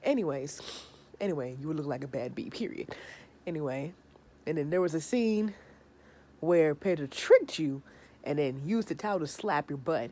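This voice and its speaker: A woman in her thirties giving a sassy, animated review of a reality TV episode, sounding tired. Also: low-pitched, unhurried, long pauses. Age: 30s. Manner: sassy, animated, acts out the people she discusses. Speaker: reality TV recapper.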